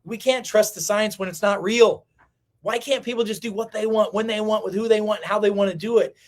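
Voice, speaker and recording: Male livestream host, higher register, impassioned and preachy, repetition for emphasis. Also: brisk. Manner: fiery, preachy, repeats lines for emphasis.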